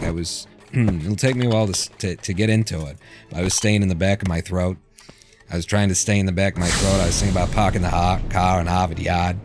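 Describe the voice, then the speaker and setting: A man streaming a game who wanders into long, digressive stories, casually swearing and restarting his sentences. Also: lowish voice. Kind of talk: rambling commentary while playing. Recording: steady clicking noise underneath.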